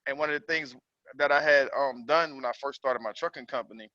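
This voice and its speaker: A man calling in to a group coaching call to talk about his trucking business, halting and reflective as he feels his way through his thoughts. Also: medium pitch, pushed and bright, no echo. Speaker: caller, trucking business owner. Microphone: call audio. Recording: dull, dry call audio.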